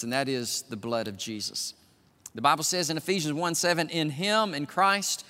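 Older pastor preaching in a reverberant hall. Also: male voice, mid-range voice. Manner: swells from quiet musing to loud emphatic preaching. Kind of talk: sermon. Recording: long reverb of a large hall.

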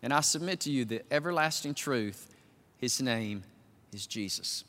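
Older pastor preaching in a reverberant hall. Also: male voice, medium pitch, animated, normal speed. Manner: swells from quiet musing to loud emphatic preaching. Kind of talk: sermon. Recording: long reverb of a large hall.

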